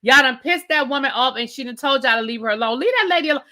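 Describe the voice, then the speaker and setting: A woman with a high, bright voice rants sassily through a reality TV recap. She talks straight to her viewers in a loose, conversational style. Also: quick pace, hardly any pauses. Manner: sassy, conversational, addresses viewers as y'all. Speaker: TV recap host. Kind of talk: animated reality TV rant.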